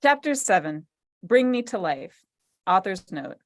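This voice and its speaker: A woman's voice: medium pitch, big pitch swings, a little slow, dry recording. A woman doing a playful, mock-serious reading of a story aloud with friends. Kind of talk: comic dramatic reading. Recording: dry close sound.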